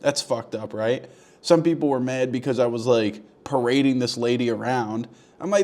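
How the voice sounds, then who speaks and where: A man's voice: mid-range voice, expressive, normal speed, darkish tone. A young man delivering a crude, mock-earnest comedic monologue, rambling and swearing as he talks to the camera. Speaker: comedy vlogger.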